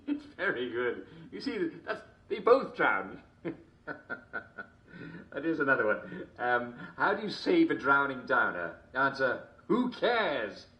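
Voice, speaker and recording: A man's voice: mid-range voice, big pitch swings, takes it slowly, sharp tone, heavily acted. A man playing a jovial, constantly chuckling TV host, mock-cheerful and smarmy. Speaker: show host. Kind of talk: comedic character monologue.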